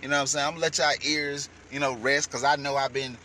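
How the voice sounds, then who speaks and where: A man delivering a heated, profane rant as a vlogger, shouting at times. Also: medium pitch, level tone, fast, a little hiss or hum. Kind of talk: heated ranting commentary.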